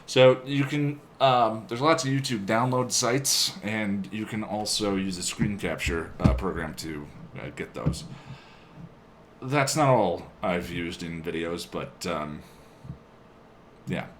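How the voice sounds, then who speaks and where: Low-voiced man, casual rambling stream chat, muttering to himself at a home desk, faint hiss behind. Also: takes it slowly, fairly bright tone. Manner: distracted, muttering to himself while he works. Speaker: YouTube channel host live-streaming his video editing.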